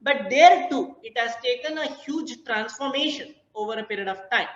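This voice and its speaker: A woman's voice: a little high, expressive. Give me a woman lecturing over a video call, echoey room, a bit muffled. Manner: deliberate, searching pauses with many uh fillers. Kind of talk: online academic lecture.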